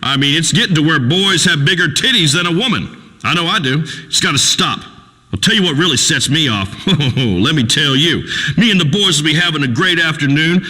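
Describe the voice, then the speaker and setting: A man's voice: fairly high pitch, lively intonation, fairly quick, sharp tone, long reverb tail. An actor playing a crude, preachy rural male talk radio host who rambles and pontificates in a folksy way. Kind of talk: radio call-in show acting.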